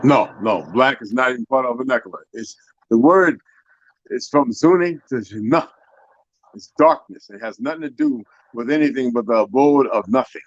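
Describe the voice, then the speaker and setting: A man's voice: mid-range voice, lively intonation, normal speed, no echo, lo-fi sound. A man lecturing in a casual talk-show chat, full of his own theories. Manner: lecturing, talks about himself as a linguist. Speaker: guest.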